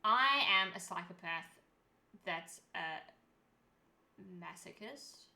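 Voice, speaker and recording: A woman's voice: medium pitch, a little slow, sharp tone. A young woman streaming a game, chatting in a rambling way and swearing freely. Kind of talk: casual chat while gaming.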